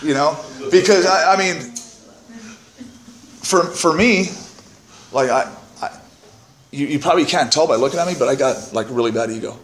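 At the podium of a recovery meeting, a man gives personal testimony, candid and self-mocking, swearing freely and often tacking "right?" onto his points. His voice is a little high with a moderate pace and long pauses. The podium mic picks up a roomy meeting-room sound with a crowd in the background.

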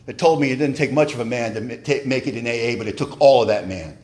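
A man sharing his story at a recovery meeting, animated and joking in a wry way. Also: mid-range voice, quick pace.

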